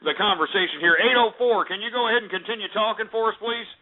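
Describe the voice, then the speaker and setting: Male call-in host, high voice, abrasive and profane, tinny lo-fi line. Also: quick pace, music in the background. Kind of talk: call-in show banter. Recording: tinny phone-like audio.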